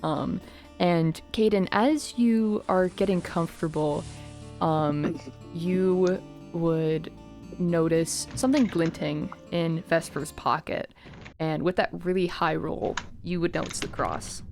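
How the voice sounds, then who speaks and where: Woman game master, lowish voice, gentle measured narration, faint background music. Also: steady tone.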